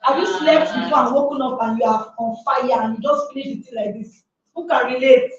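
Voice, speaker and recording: A woman's voice: high-pitched, a little fast, slight background noise. A woman giving a motivational workshop talk to a live audience, emphatic and full of rhetorical questions. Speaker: workshop speaker. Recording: echoey room from far off, dull sound.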